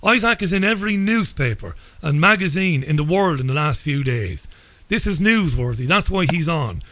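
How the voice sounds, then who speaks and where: A middle-aged man with an Irish accent hosting a talk radio interview, speaking in a measured, deliberate way and often restarting his sentences. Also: a little high, expressive, pushed and bright, dry recording. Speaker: radio host.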